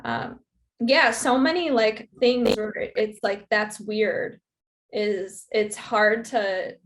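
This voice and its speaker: A woman's voice: medium pitch, a little hiss or hum. Woman, podcast guest, casual chat, hesitant, lots of filler words, mid-range voice. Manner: halting, full of "like" and "um". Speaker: podcast guest, retreat host. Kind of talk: casual conversation.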